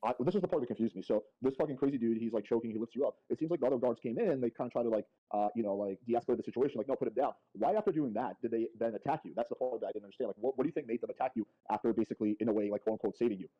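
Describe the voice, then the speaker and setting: A man's voice: mid-range voice, very fast, few pauses, no echo. A man interviewing a guest, sympathetic and blunt, swearing freely, heard over a dull, muffled audio feed. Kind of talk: casual interview.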